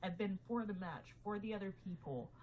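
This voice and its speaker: A woman's voice: mid-range voice, fairly quick, muffled recording, slight background noise. A woman telling her story candidly as an interview guest, emotional and acting out quotes.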